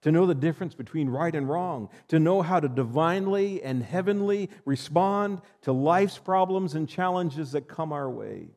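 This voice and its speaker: A male pastor preaches emphatically and reads scripture aloud to his congregation. His voice sits fairly high and rings with a long reverb. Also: expressive, normal speed, few pauses, darkish tone. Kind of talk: sermon.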